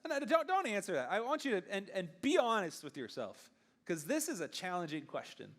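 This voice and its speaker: A man's voice: sits high, sing-song, fairly bright tone. A young man, a youth pastor, giving a casual sermon to teenagers in a chatty way, often acting out bits of dialogue. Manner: conversational, acts out dialogue in quick bursts.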